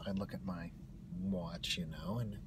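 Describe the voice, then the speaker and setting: A man telling a comic personal story in a wry, animated way. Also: deep voice, measured pace, noisy background.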